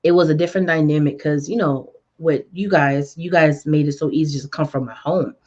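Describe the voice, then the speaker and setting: Lively woman radio host, lo-fi audio. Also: low-pitched, fairly quick, breathy edge. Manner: animated, acts out quoted dialogue. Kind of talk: casual interview storytelling. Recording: dull lo-fi audio.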